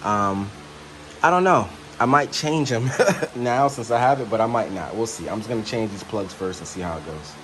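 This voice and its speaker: A man with a lowish, fairly bright voice talks at a normal speed as he works on a motorcycle for his vlog. He rambles through the repair in an easygoing way, full of fillers, and the recording has noisy background ambience.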